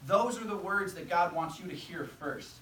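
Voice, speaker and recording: A man's voice: high voice, expressive, normal speed, bright, forceful tone, a little hiss or hum. A young man preaching a sermon, earnest and conversational, acting out quotes as he goes. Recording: echoey room, from a distance.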